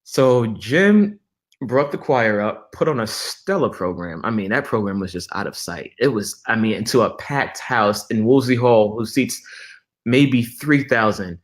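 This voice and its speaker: A man's voice: lowish voice, unhurried. A young man, a church musician, telling a story in a casual interview, acting out the dialogue with laughs. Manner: animated storyteller, acts out quoted dialogue with laughs.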